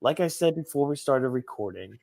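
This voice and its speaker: A man co-hosting a casual review podcast, swearing freely and mocking crowds with loud put-on voices. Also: mid-range voice, a little fast, gravelly, dry recording, clean studio sound. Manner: profane, animated, mocks crowds in shouted put-on voices. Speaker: podcast co-host.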